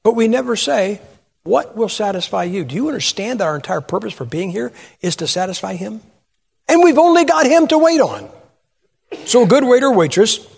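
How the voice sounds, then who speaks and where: Older preacher with a husky, high voice. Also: male voice, big-room sound. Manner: storytelling, asks the audience questions. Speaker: pastor. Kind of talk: sermon.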